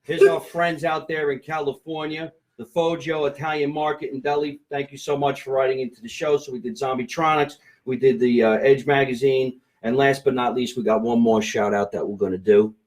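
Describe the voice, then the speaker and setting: A man's voice: medium pitch, fairly even intonation, brisk, few pauses, a little mellow. A man hosting a casual comedy talk show, joking and plugging sponsors, recorded into a phone. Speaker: comedy podcast host.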